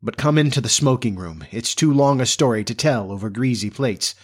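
A man reading the part of a weary, hungry gentleman inventor who talks in terse, tired, insistent bursts. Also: mid-range voice, brisk, close to an everyday voice.

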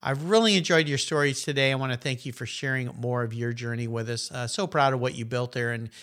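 Bright-voiced upbeat male podcast host. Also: mid-range voice, fast talker. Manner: upbeat, friendly, encouraging. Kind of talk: casual interview chat.

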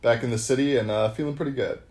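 A man's voice: mid-range voice, fast, darkish tone. A man co-hosting a parody business podcast, laid-back and rambling. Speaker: co-host.

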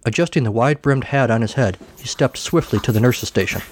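A man narrating a comic story in a dry, deadpan manner, shifting his pitch for each character. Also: fast talker. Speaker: podcast host reading a story.

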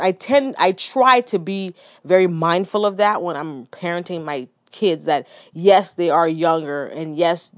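A woman's voice: low voice, no room sound, studio quality. A woman in her thirties hosting a personal podcast, telling a story in a candid, reflective way with frequent restarts and asides. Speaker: podcast host.

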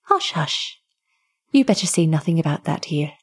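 Woman reading as a mysterious young fairy maiden in a storybook, soft and solemn, with a breathy voice. Fits for quiet, eerie lines. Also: sits low, sing-song, normal speed, exaggerated voice. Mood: hushed.

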